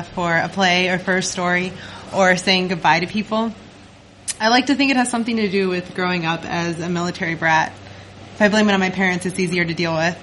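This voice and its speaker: A woman's voice: on the low side, a bit bright, a little hiss or hum, rough recording. A woman stand-up comedian starting a personal story on stage, wry and self-deprecating.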